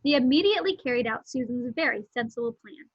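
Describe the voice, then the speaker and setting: A woman's voice: on the high side, expressive, slightly rough, no room sound. Woman reading a storybook aloud. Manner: pauses to explain words and events simply. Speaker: read-aloud narrator. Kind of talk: reading a novel aloud with explanations. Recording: dull lo-fi home recording.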